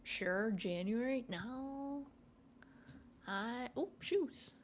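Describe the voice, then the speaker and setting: A woman's voice: on the high side, extremely slow, slight background noise. A young woman streaming a video game, chatting playfully with her live chat and thinking aloud as she plays. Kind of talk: casual gameplay commentary to a live chat.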